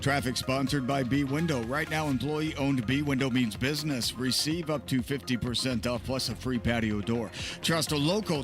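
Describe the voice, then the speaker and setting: A man reading a radio traffic report in a brisk, matter-of-fact way. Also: mid-range voice.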